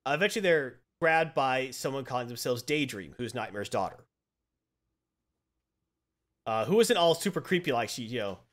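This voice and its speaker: A man's voice: medium pitch, lively intonation, normal speed, pauses often. A man hosting a casual chat, retelling a comic plot and acting out the quotes as he goes. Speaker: podcast host.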